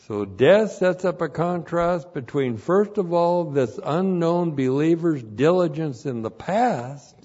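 A man's voice: a little high, mellow, slightly rough. A man teaching a Bible study on Greek words, methodically repeating numbered points and spelling terms letter by letter. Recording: dull lo-fi recording.

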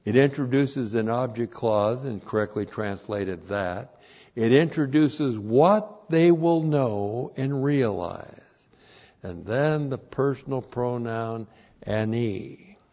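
A male pastor teaches at an unhurried, measured pace, lingering over each Hebrew term. His voice sits in an ordinary middle register and swells louder when he drives a point home. The recording is muffled and lo-fi. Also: mid-range voice. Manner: slow, deliberate, spells out Hebrew words letter by letter; builds to emphatic, louder passages. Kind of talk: Bible teaching sermon with Hebrew word study. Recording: dull lo-fi sermon recording.

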